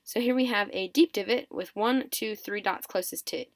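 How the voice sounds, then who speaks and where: In a mid-range voice at a normal speed, a woman explains an invented script step by step, tallying items aloud and correcting herself. She sounds a little drowsy and yawns. There's no room sound.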